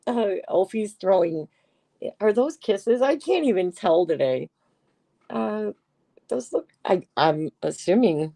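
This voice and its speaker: A woman hosts a casual livestream and reads her viewers' comments back to them in a teasing tone. She talks at an unhurried pace in a voice of middle pitch. The sound is close and dry, with no room echo. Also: expressive, gravelly, warm tone. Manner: chatty and teasing, reads viewer chat aloud. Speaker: livestream host.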